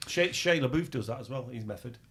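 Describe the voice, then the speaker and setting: A middle-aged man co-hosting a podcast, telling stories with enthusiasm and getting loud when excited. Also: mid-range voice, fast, breathy edge. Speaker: podcast co-host. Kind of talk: casual chat, storytelling.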